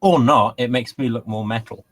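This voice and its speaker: A man's voice: mid-range voice, moderate pace, a bit bright, no room sound. A man playing a tabletop game, describing his character's actions casually with lots of "sort of". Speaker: player.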